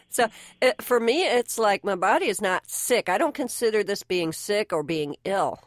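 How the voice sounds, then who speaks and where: A woman's voice: mid-range voice, lively intonation, normal speed, no room sound, clean studio sound. A woman hosting a podcast, emphatic and opinionated, with a phlegmy throat and many restarts. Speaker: podcast host. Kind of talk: casual conversation.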